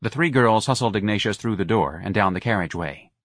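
A man narrating an audiobook in a wry, measured storytelling manner, recorded on a close studio mic. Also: lowish voice, expressive, fairly bright tone, no room sound.

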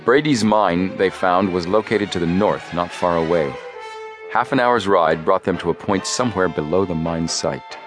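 A man narrates an audiobook in a deep, low voice with measured, steady storytelling. Faint music sits quietly underneath. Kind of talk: scripted narration.

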